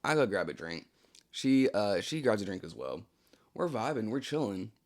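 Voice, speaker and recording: A man's voice: lowish voice, very animated, normal speed. A young adult man hosting his channel, telling a personal story in a casual, slangy way, with lots of "like" and "you know". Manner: laid-back, slangy, full of "like, you know" fillers.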